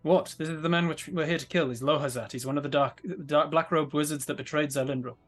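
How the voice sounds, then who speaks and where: A man playing a tabletop game, blunt and pushy, shouting his character's threats. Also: a little high, steady tone, fast, faint music behind. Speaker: player.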